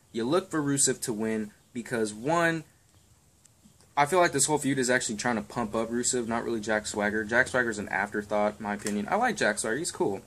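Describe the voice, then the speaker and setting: A man's voice: mid-range voice, fairly bright tone. A young man giving wrestling match predictions in a rambling, crude, offhand chat full of ums and swearing. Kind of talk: casual chat.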